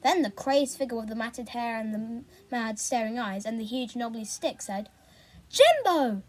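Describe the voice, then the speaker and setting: A woman reading a children's novel aloud in an expressive storybook style. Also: on the high side, moderate pace, a little hiss or hum. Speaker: reader.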